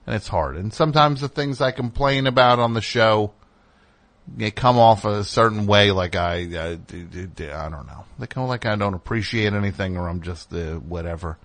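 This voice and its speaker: A man hosting a call-in radio show, speaking candidly and rambling, breaking off his own sentences and jumping up in pitch when he gets worked up. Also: normal speed, a bit bright. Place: radio studio.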